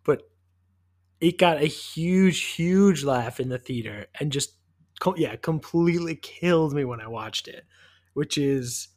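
A man's voice: fairly high pitch, animated, a little slow, a little mellow. A man co-hosting a podcast in casual chat, rambling enthusiastically with many "like"s. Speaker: podcast co-host.

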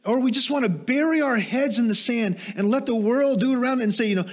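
A man preaching a sermon, asking rhetorical questions and moving into quiet, explanatory teaching with small self-deprecating asides. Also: very high voice, brisk, hardly any pauses. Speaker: pastor.

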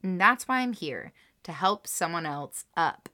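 A woman's voice: fairly low pitch, animated, unhurried, sharp tone. A woman co-hosting a podcast, reading a researched story and quotes aloud, then reacting emotionally to them. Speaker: podcast co-host telling a story. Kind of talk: casual chat with read-aloud history and quotes.

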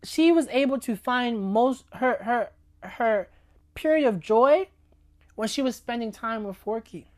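A woman's voice: a little high, animated, measured pace. A woman giving a casual faith talk, speaking conversationally and often checking in with "right?". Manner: conversational, keeps asking "right?" and "you know what I'm saying?".

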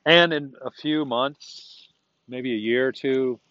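A man's voice: medium pitch, takes it slowly, a bit bright. Rambling man on a muffled walking podcast. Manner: chatty and self-talking, chuckles often. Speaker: podcast host. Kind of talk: rambling casual monologue. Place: outdoors, walking a dog.

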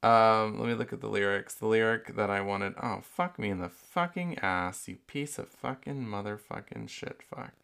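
A man's voice: lowish voice, normal speed, creaky, hardly any pauses, fairly bright tone, clear, resonant tone. A man hosting a podcast, talking in a rambling, profane way with many filler words, his voice affected by allergies. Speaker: podcast host. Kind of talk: casual monologue podcast.

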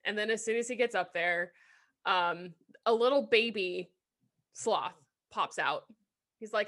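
Bright sharp-toned woman cohosting a podcast, jokey and sweary, super casual. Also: mid-range voice, a little slow. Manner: playful, swears freely, jokey asides. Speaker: podcast co-host.

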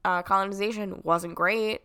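A woman's voice: mid-range voice, steady tone, normal speed, fairly bright tone, clear, resonant tone, no room sound, studio quality. A woman co-hosting a podcast, chatting casually and joking around as she rambles. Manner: joking, rambling, puts on silly voices. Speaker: podcast co-host. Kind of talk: casual chat.

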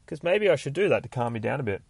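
A man hosting a podcast, casually recapping a comic book in a rambling, sweary, excitable way. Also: medium pitch, fast talker, gravelly, breathy edge, dry recording. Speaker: podcast host.

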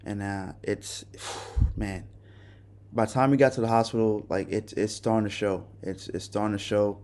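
Guy hosting a podcast, deeper voice, stops and restarts a lot, sounds really sorry. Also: steady tone, a little mellow. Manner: halting, restarts, raw and remorseful. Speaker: podcast host. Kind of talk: personal confession monologue.

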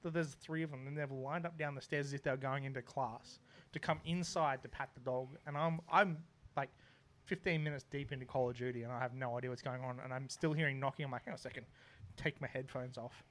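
A man's voice: medium pitch, steady tone, quick pace, a bit bright. A young man, telling a funny story in casual chat and acting out his neighbours with laughs. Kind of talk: casual anecdote.

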